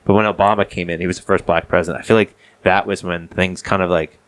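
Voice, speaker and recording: Casting: low-voiced male podcast host, halting and filler-heavy, dry close sound. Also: steady tone, no echo. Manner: hesitant, many fillers like "like". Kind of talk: casual chat.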